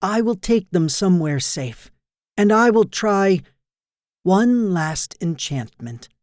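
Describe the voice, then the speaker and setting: A wise old enchantress speaks gently in a fairy tale, voiced by the narrator. She is slow and tender, close and dry. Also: mid-range voice, expressive, dry recording, pitched above the performer's own voice. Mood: gentle.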